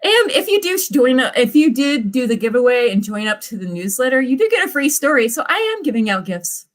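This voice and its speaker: A woman's voice: on the high side, big pitch swings, fairly quick. Bubbly woman author, chatty livestream host gushing over viewers. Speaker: author hosting live writing sprints. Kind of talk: casual livestream chat.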